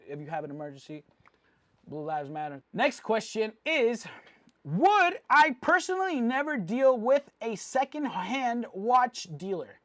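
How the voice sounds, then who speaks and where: A man's voice: high voice, fairly bright tone, no echo. A man from Mexico City, a jewelry vlogger, giving a rambling, slang-heavy opinion rant with frequent asides.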